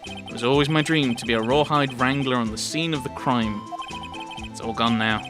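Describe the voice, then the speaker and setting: A man's voice: moderate pace, lightly acted. A man putting on a twangy cowboy cop. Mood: wistful. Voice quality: exaggerated drawl, higher than his own voice. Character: folksy cowboy-talking male police officer. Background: game music.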